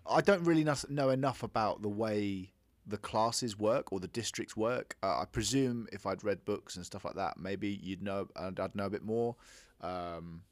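A man's voice: fairly low pitch, no room sound. A man co-hosting a casual movie review chat, hesitant and full of restarts. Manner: hesitant, many restarts and trailing off. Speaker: film review co-host.

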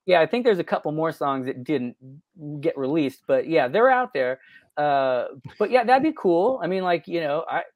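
A man's voice: on the high side, sing-song, normal speed, no echo, highs cut off. A man, a guest on a podcast, telling studio stories in a loose, rambling way, full of fillers. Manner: rambling, full of "you know" fillers, laughs at himself. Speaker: guest, record producer and engineer. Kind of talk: casual storytelling in a podcast interview.

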